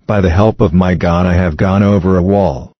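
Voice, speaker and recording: Deep-voiced man reading psalms. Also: steady tone, normal speed, no echo. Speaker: scripture reader. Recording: dull lo-fi recording.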